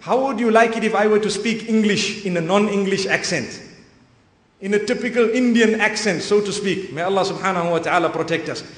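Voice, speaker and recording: A man's voice: sits high, a little fast. Earnest male preacher in an echoey hall. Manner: earnest, emphatic, with frequent Arabic phrases. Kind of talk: sermon. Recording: echoey hall, long reverb.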